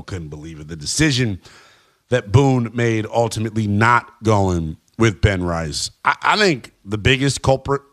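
A man's voice: on the low side, a bit bright. A man hosting a sports talk show, giving emphatic, slangy opinions to fans.

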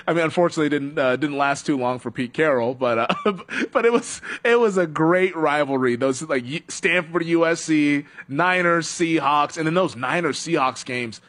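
A man's voice: fairly high pitch, moderate pace, few pauses, a bit bright. A man hosting a sports talk show, chatting casually, laughing often and acting out quotes. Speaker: sports radio host.

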